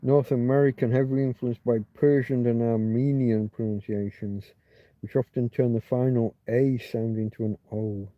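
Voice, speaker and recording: A man's voice: medium pitch, steady tone, moderate pace, no echo, phone-quality sound. A man hosting a rambling, casual livestream, musing aloud and swearing now and then. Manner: chatty, swears, muses aloud while reading. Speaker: livestream host. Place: home, Torrevieja.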